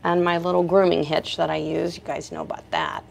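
A woman's voice: low voice, sing-song, brisk, gravelly, noisy background. A woman who works as a professional dog groomer, giving a chatty grooming demonstration indoors in her shop and talking both to the dog and to viewers.

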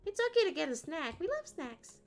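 A woman's voice: sits high, very animated, fairly quick, faint music behind. A woman streamer chatting playfully and rambling as she plays, often singing little ditties to herself. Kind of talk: casual gameplay chat.

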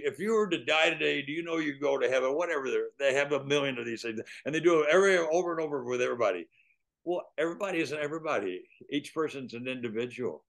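An older man, a guest on a faith podcast, tells his stories with animated energy and frequent laughs. His voice sits in a middle pitch. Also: gravelly. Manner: animated, laughs often while telling stories. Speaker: guest evangelist. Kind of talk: storytelling testimony.

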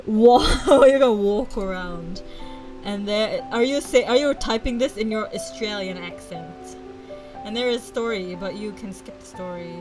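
A woman's voice: mid-range voice, normal speed, darkish tone, faint music behind, poor audio. A young woman streaming a video game, chatting casually and giggling, with lots of "like" fillers.

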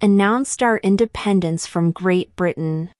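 A woman slowly reading civics test questions and answers in a measured, deliberate way. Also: medium pitch, darkish tone, no echo, clean studio sound. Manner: measured, deliberate delivery with long pauses.

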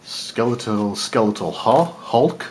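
Speaking slowly in a mid-range voice, a man hosts a channel and reviews game cards during a casual unboxing. He is relaxed, thinks aloud, laughs a little, and keeps correcting himself, and there is a slight hiss or hum.

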